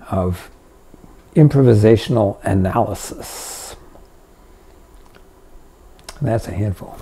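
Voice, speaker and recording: A middle-aged man teaching a relaxed, humorous video lesson on improvising, chatty and full of fillers. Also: medium pitch. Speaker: fiddle teacher.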